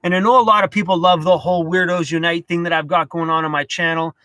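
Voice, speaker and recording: Canadian guy, livestream host, higher-pitched, rambling and casual, dry close sound. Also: steady tone, fast talker, bright, forceful tone, no echo. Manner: chatty, loose, frequent fillers and apologies. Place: inside a camper van.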